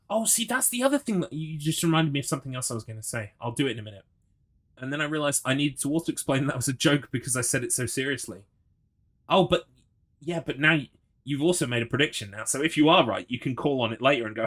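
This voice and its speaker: A man's voice: medium pitch, expressive, fast, fairly bright tone. A man streaming a horror game, chatting with his audience in a rambling, swear-prone way. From United Kingdom. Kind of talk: gaming livestream commentary.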